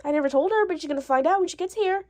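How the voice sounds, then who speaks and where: A woman voicing a plain-spoken mother in a doll-play story, brisk and matter-of-fact. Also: very high voice, a little mellow.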